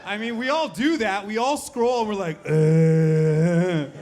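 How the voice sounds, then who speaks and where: Brash high-voiced male stand-up comic. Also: a little fast. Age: 30s. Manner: crude, brash, talks to the crowd. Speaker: stand-up comedian. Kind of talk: stand-up comedy set. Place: comedy club stage.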